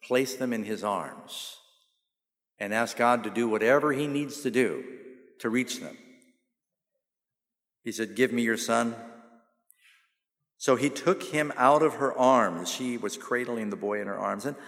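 A male pastor preaching a sermon, asking the audience questions and answering them himself, and slowing down to stress key phrases. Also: medium pitch, a bit bright. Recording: long reverb of a large hall.

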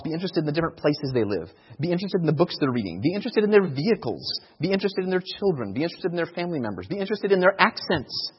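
This evangelism teacher has a medium-pitched voice with a breathy edge. His informal sermon about sharing faith is earnest, with key phrases repeated for emphasis, and it sounds dull in a reverberant hall.

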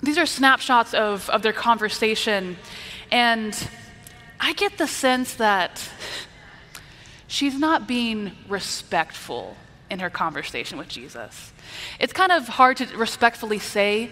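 A woman's voice: a little high, expressive, slow pace, sharp tone, in a large hall. A woman preacher giving a conversational Bible teaching, explaining and checking in with her listeners. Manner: explanatory, asks the listeners "right?".

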